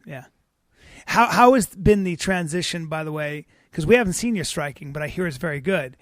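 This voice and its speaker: A man's voice: fairly high pitch, expressive, normal speed, a bit bright, no echo. A man hosting a casual interview, playful and rambling, asking questions with many restarts. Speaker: podcast host. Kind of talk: casual chat.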